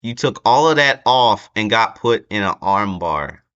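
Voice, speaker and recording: A young man talks through wrestling predictions in a rambling, halting way, full of fillers and restarts. His voice sits a little low but sounds bright and forward. The recording is dull and lo-fi, like a home setup. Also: animated, clean tone. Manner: rambling, hesitant, many fillers. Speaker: wrestling channel host. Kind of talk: casual prediction chat.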